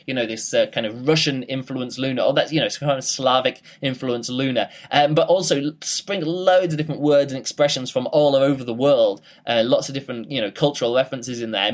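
A man giving a casual spoken book review, rambling with many fillers and restarts. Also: medium pitch.

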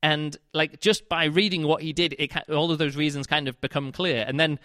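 A man's voice: a little high, steady tone, fairly quick, fairly bright tone, no echo, studio quality. A man giving a casual spoken book review, chatty and rambling, with many fillers and restarts.

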